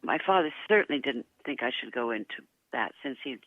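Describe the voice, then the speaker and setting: An older woman, a guest actress, telling lively anecdotes in an interview, laughing often and poking fun at herself. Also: rumbling low, fairly quick, dry recording. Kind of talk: interview storytelling. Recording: tinny phone line.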